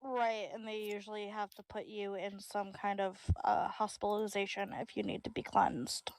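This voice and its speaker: A woman's voice: medium pitch, fairly even intonation, moderate pace, vocal fry, darkish tone, low-quality recording. A woman playing in a tabletop game, chatting casually and jokingly, with some swearing. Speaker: player. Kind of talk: casual chat.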